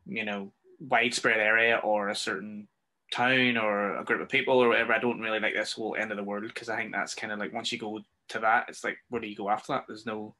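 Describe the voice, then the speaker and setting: A man's voice: on the low side, little pitch movement, fast talker, bright, forceful tone. A man with a Northern Irish accent co-hosting a casual film review chat, ranting and swearing freely. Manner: ranting, swears freely, acts out scenes in raised voices. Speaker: podcast co-host.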